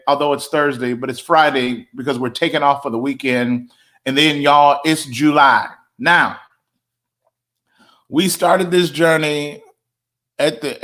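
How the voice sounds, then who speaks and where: A man's voice: medium pitch, a bit bright. A middle-aged man, a pastor chatting casually with his online viewers, joking and stretching words for emphasis. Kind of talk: casual livestream talk to viewers.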